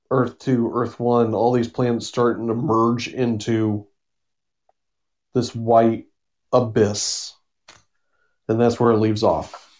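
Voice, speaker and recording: Man co-host for a comic podcast, relaxed rambling recap, mid-pitched voice. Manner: rambling summary with fillers and laughs, acting out quotes. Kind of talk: casual comic book recap.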